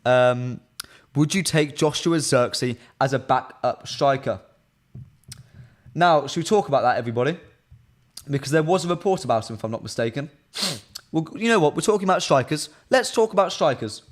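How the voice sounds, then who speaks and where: A man's voice: a little high, lively intonation, normal speed. A young man presenting a live football fan stream, chatting casually in an opinionated way and reading out viewer comments between frequent "um"s.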